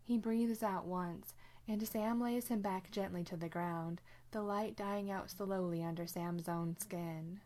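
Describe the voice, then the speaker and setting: A woman reading a story aloud in steady narration. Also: medium pitch, measured pace. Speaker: reader.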